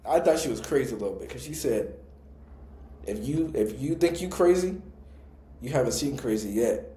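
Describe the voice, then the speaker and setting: A young adult man co-hosting a podcast, telling stories in a relaxed, slangy, reflective way. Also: mid-range voice, reverberant. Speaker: podcast co-host. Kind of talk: casual storytelling.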